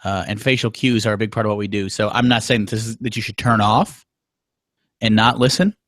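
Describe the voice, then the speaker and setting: A man's voice: on the low side, steady tone, brisk, fairly bright tone, dry recording. A man co-hosting a casual podcast, rambling and self-deprecating with lots of fillers. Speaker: podcast co-host.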